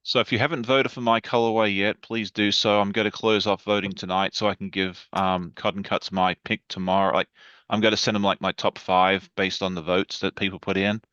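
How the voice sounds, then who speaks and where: A man's voice: low-pitched, level tone, a little fast, fairly bright tone, clean tone, dry recording, lo-fi sound. A man chatting as a guest on a livestream over a video call, enthusiastic and rambling. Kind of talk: casual livestream chat.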